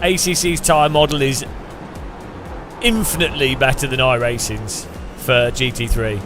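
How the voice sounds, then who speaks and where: A British streamer chatting casually while sim racing, rambling and joking with lots of restarts. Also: male voice, mid-range voice, measured pace, music in the background. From United Kingdom. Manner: rambling and jokey, with frequent restarts.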